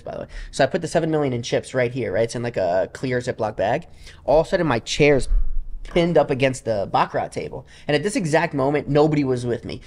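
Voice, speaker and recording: A man, a professional gambler, telling loose, rambling stories full of asides as a guest in a casual interview. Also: medium pitch.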